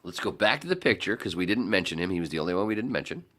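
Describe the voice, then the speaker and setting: Low-voiced, animated storytelling man. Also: very fast. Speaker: podcast guest. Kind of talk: casual storytelling chat.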